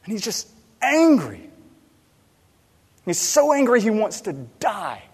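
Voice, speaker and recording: A man preaching a sermon in a church, animated, swinging between loud emphasis and quiet asides. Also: sits high, slow, slightly rough. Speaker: pastor. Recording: long reverb in a large hall.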